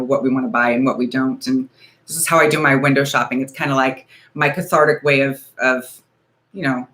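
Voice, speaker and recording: A woman's voice: rumbling low, fairly bright tone. A woman in her forties hosting a casual beauty livestream, talking in a nervous, rambling, hedging way. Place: home, ring light.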